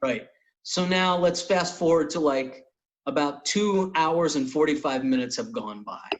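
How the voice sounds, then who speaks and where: A middle-aged man, a comedian hosting a talk show, telling a long story in a loose, animated way. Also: on the high side, measured pace, slight background noise, poor audio. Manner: animated storyteller, acts out quotes. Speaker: podcast host and comedian. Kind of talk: casual storytelling.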